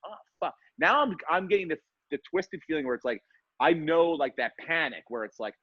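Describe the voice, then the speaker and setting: A man on a podcast, telling a story with a voice that is a little high and swoops up and down all the time. He swears freely and puts on the voices of the people in his tale. The sound is dull and lo-fi, as if sent over an internet call, and it is very dry. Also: husky, no echo. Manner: animated, swearing, acts out voices in his stories. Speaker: podcast co-host. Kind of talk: casual storytelling chat. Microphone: remote call mic.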